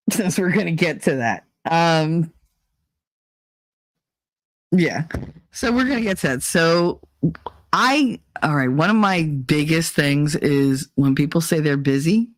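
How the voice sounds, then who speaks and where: A woman's voice: sits low, no room sound. A woman hosting a casual podcast, ranting bluntly and swearing freely with exasperation. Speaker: podcast host. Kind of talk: casual rant.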